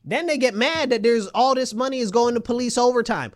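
A man's voice: very high-pitched, fairly quick. A man from New York State delivering an agitated political rant, emphatic and repetitive with many rhetorical questions. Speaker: local political commentator.

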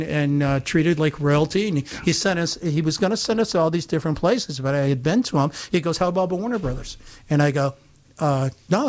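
A man from upstate New York on a radio show, telling a long anecdote in a casual, animated way and acting out the quotes. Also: on the high side. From Utica, New York. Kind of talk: casual storytelling.

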